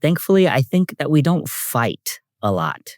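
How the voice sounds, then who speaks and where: Halting, thoughtful young man, dry mic. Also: on the high side, big pitch swings, darkish tone, no room sound. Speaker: podcast guest, host's husband. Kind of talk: casual chat.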